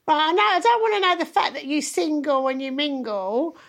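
A woman's voice: sits high, brisk, creaky. A middle-aged woman, a mother questioning her son in a teasing, theatrical way. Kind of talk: casual chat.

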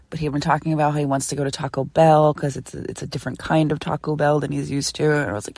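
A woman from Philadelphia tells a story on her own podcast in a lowish, easygoing voice. She is chatty, laughs often and curses without a second thought. The sound is dry and close, with no room around it. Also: lively intonation, normal speed, a little mellow, dry recording. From Philadelphia, USA. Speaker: podcast host. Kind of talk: casual solo storytelling podcast.

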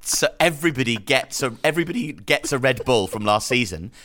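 Lively rambling man. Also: medium pitch, a little fast, noisy background. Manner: lively, rambling, puts on mock accents. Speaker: podcast co-host. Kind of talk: casual comedic chat.

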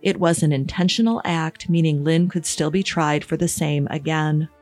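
Lady reading a true crime podcast, kinda low, steady pace, soft music behind. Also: normal speed. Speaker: podcast narrator. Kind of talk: scripted true-crime narration.

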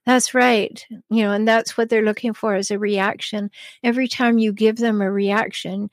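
A woman hosting an advice podcast, answering listener questions in a calm, chatty way with frequent ums and small laughs. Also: medium pitch, normal speed, no room sound. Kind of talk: advice talk show.

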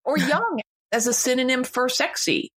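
A woman's voice: sits high, expressive, normal speed, a bit bright, husky. An older woman, a guest author, speaking emphatically and with firm opinions in a conversational interview.

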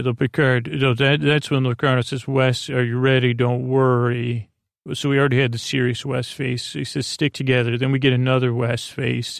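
A man's voice: medium pitch, creaky, dry recording, studio quality. A man hosting a podcast, loosely retelling a television episode with offhand jokes. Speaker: podcast host recapping an episode. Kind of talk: casual episode recap.

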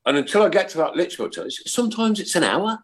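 A man's voice: high-pitched, sing-song, fast talker, noisy background. A man hosting a casual talk show, joking and teasing his guests. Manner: jokey, teasing, laughs often. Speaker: host. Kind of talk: casual podcast chat.

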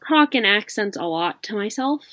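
A woman's voice: mid-range voice, expressive, moderate pace, bright, forceful tone. A woman in her twenties co-hosting a podcast, chatting playfully and casually with plenty of fillers. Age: 20s. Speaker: podcast co-host. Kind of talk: casual chat.

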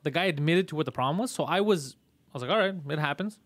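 Fast-talking, profane podcast host. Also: male voice, fairly high pitch, no echo. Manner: profane, animated storytelling full of acted quotes. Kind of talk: casual podcast chat.

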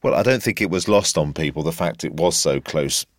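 A man working as a reporter, asking questions and describing a scene in a deliberate, descriptive way. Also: extremely low pitch, no echo, clean studio sound. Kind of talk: interview and recollection.

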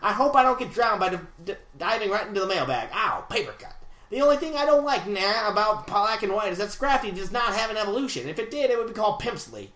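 A man's voice: high voice, sing-song, quick pace, sharp tone, reverberant, full character voice. A man voicing a 1920s gangster-style tough guy while reading a listener email aloud on a podcast, drawling "nah, see". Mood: swaggering.

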